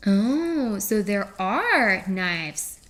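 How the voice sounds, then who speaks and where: Her mid-range voice is very animated and fairly bright, yet she speaks very slowly. She is a livestreamer cooking in her home kitchen who reads her viewers' messages aloud, responds to them and plays with puns.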